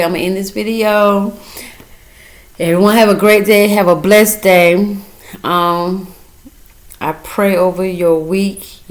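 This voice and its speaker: A woman talking casually and earnestly to her viewers about her faith, emotional and close to tears as she encourages them. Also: on the low side. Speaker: mother giving a testimony. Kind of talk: casual faith testimony vlog.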